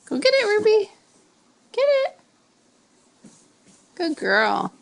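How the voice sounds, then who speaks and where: A woman chatting casually at home in a home video, coaxing and gently warning a pet dog. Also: very high-pitched, wildly swooping pitch, takes it slowly, creaky. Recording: noisy home video recording.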